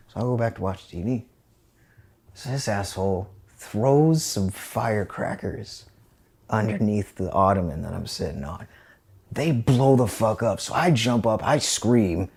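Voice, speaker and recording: A man in his twenties, a podcast guest telling a personal story in a candid, profane, animated way. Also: lowish voice, a little slow. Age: 20s.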